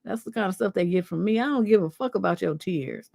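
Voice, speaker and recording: A woman's voice: medium pitch, expressive, fast, gravelly, few pauses, darkish tone, no echo. A woman hosting a livestream advice show as a relationship coach, giving blunt, profane, scolding advice.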